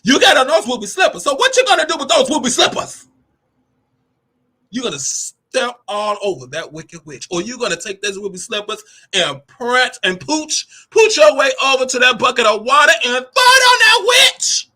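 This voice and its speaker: High, lively, sassy woman giving a pep talk. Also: moderate pace. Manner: animated, brassy, curses freely, calls listeners honey and baby. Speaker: host of a motivational talk show.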